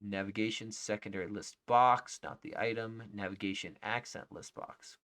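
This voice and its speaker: A man live-streaming his coding, reading out names as he checks them and thinking aloud, often trailing off into quiet murmurs. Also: fairly low pitch, steady tone, moderate pace. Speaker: livestreaming software developer. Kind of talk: casual live-coding commentary.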